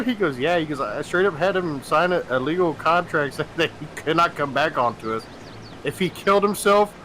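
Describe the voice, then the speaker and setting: A man telling a long story in casual chat, animated and swearing, acting out the people he quotes. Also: on the high side, slight background noise, low-quality recording.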